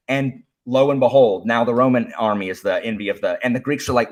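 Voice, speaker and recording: A man who teaches history, talking excitedly as a podcast guest and getting worked up as he speaks. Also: mid-range voice, a little fast, few pauses. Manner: excitable, animated, gets worked up. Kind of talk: casual chat.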